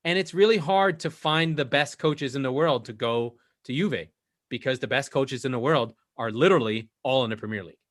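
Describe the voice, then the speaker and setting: A man co-hosting a casual football podcast, animated and profane, his pitch jumping up when he makes a point. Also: fairly quick. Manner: animated, profane, rising to high emphatic pitch. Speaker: podcast co-host. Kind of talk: casual sports chat.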